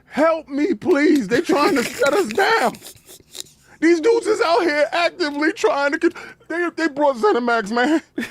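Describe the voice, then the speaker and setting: A man's voice: extremely high pitch, expressive, unhurried, voice pushed up. A man doing a mocking impression of a panicky male corporate executive who begs for help. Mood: pleading. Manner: whiny, begging.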